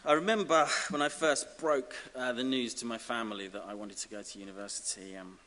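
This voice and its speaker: A man from giving a self-deprecating, comic acceptance speech as an honorary graduate, halting over fillers. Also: mid-range voice, bright, forceful tone. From Essex, England. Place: large ceremony hall. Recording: reverberant hall with faint hiss.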